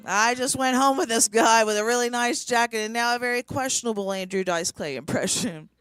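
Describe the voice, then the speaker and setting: A woman in her forties tells stand-up stories with a smooth, clear voice. Her delivery is conversational, landing dry punchlines, and the handheld stage mic sounds close and dry, with little room around it. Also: on the high side, brisk, a bit bright, dry recording. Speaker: stand-up comedian. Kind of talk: stand-up set. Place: small comedy venue.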